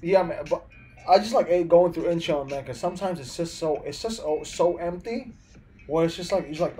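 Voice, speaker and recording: A man's voice: a little high, moderate pace, warm tone, soft background music. A young man with an American accent chatting casually on a live stream, replying to viewers with lots of "bro" and "man" and frequent restarts. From Philippines, raised in the US.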